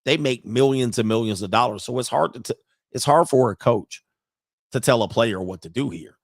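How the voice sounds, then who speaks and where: A man hosting casual sports commentary, animated and laughing often, with sudden high-pitched outbursts. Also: moderate pace, no room sound, studio quality.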